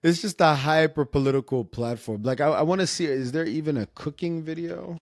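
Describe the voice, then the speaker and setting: A man's voice: on the high side, a little fast, no echo, clean studio sound. A man streaming casual commentary in a rambling, self-interrupting way, often trailing off and restarting.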